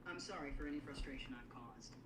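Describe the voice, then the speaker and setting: A man's voice: mid-range voice, fast talker, heavy background noise. A text-to-speech male AI assistant voice, apologetic and formal in its replies. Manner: apologetic, even-toned and formal.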